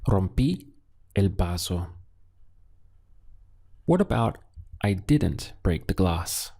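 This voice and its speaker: Slow, gravelly male language teacher. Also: deep voice, big pitch swings, warm tone. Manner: slow, patient, deliberate drilling with repeated words. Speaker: Spanish teacher. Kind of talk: language lesson with drills.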